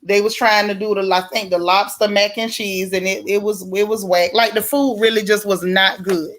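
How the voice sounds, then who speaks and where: Blunt, animated woman live-streaming. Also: medium pitch, moderate pace. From Florida. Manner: blunt, animated, laughs often, slangy. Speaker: livestream host. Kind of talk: casual livestream chat reading viewer comments.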